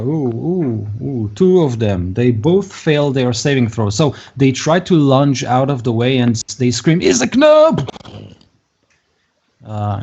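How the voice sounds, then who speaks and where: A man narrating as game master of a tabletop game, halting and full of filler sounds. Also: medium pitch, dark tone. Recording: dull lo-fi recording.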